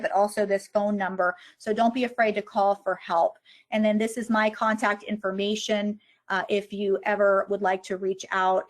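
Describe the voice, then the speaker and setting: A woman giving an online lecture on physician well-being, explaining step by step how to approach a struggling colleague. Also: mid-range voice. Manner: explanatory, models conversations step by step.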